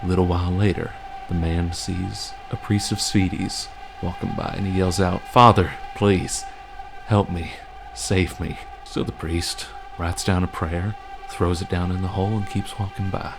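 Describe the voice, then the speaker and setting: A man playing a steady young adventurer who calms a friend with a story. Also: deep voice, unhurried, creaky, music in the background, poor audio. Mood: calming.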